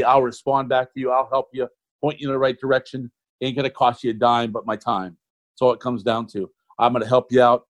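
A man in his forties, a guest on an interview show, talking in a rambling, friendly, folksy way. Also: medium pitch. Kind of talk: casual interview talk.

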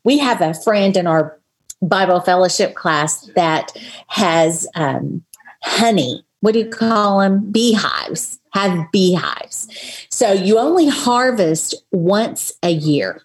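Breathy woman leading Bible chat. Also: medium pitch, slow pace. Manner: earnest, expressive, reads scripture aloud. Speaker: podcast co-host. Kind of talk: casual Bible study chat.

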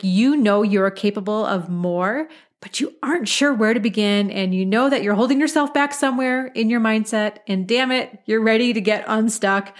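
Give me a candid woman podcast host in her thirties, chatty and direct. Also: mid-range voice. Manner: candid, chatty, peppered with mild swearing. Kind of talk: casual podcast monologue.

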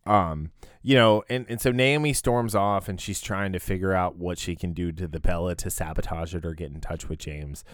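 A man's voice: sits low, fairly even intonation, normal speed, few pauses, clear, resonant tone, no echo. Chatty man recapping a show, dry sound. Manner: rambling recap with fillers and restarts. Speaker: podcast co-host. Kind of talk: casual chat.

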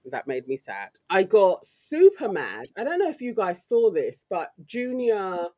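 A woman with a London accent, co-hosting a podcast and telling stories in a lively, slangy way. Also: on the low side, normal speed, hardly any pauses. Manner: animated, slangy storytelling. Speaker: podcast co-host. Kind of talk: casual chat.

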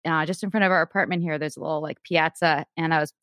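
A woman's voice: sits low, steady tone, fast, fairly bright tone, no room sound, clean studio sound. A woman hosting a podcast, talking in a chatty, eager storytelling way full of fillers. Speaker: podcast host. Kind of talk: casual interview chat.

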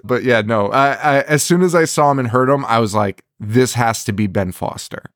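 A man's voice: medium pitch, normal speed, few pauses, a bit bright, no echo, studio quality. A man co-hosting a horror movie podcast in casual chat, laughing often and swearing as he rants. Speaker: podcast co-host.

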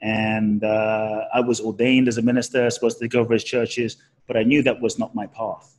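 A man as a podcast guest, telling a personal story with animated, swooping pitch and frequent restarts. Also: moderate pace. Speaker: guest, spiritual teacher.

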